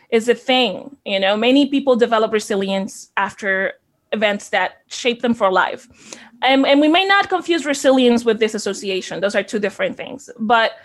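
A fairly high-pitched woman from the Dominican Republic, in her thirties, talks about running her child care center. She speaks earnestly and reflectively, often repeating a word as she begins a thought. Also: a bit bright. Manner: earnest, reflective, repeats words when starting. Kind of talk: conversational interview.

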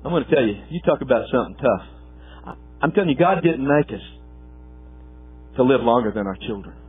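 A man preaching a sermon, telling a folksy coaching story with lively, acted-out quotes. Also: medium pitch, normal speed, husky, phone-quality sound. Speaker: pastor and former football coach.

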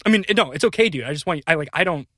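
A man co-hosts an improvised comedy podcast in an excitable, rambling way, laughing through his lines. His voice is bright and a little high. The recording is close and dry. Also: rapid-fire, no echo. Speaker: podcast co-host.

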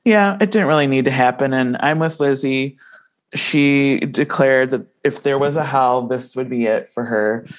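A woman with an unusually deep voice and a Midwestern accent chats casually as a podcast co-host. She is self-deprecating and laughs often, speaking into a podcast mic. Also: normal speed. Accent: Midwestern American. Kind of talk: casual chat. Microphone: headphones and podcast mic.

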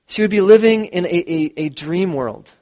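A man, a pastor, preaching a sermon in a church, with animated storytelling and acted-out quotes. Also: high voice, moderate pace.

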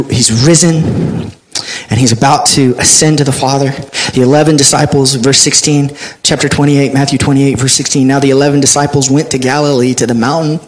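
A male pastor preaching a sermon, reading scripture aloud with animated delivery. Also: on the high side.

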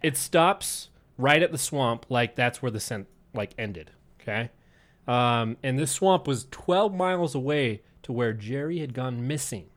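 Relaxed man from Utah narrating a case. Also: mid-range voice, a little slow. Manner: relaxed, profane, building suspense. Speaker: podcast host. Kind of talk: casual storytelling narration.

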